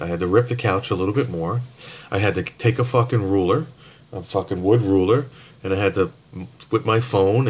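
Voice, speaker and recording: A man's voice: low voice, slight background noise. A man ranting heatedly about a store, swearing and rambling, acting out both sides of phone calls. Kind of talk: casual rant.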